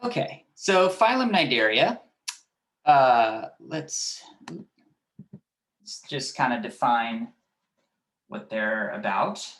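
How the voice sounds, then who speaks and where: This male biology teacher speaks at medium pitch, animated yet slow, leaving long pauses, his tone a little bright. Walking students through the material step by step, he leans on fillers and asks them frequent check questions, all recorded in a reverberant classroom.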